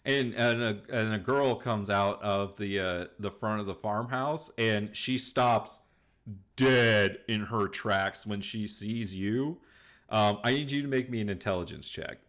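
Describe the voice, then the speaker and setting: A man's voice: lowish voice, measured pace, fairly bright tone. A man narrating a tabletop game as game master, rambling loosely with many restarts.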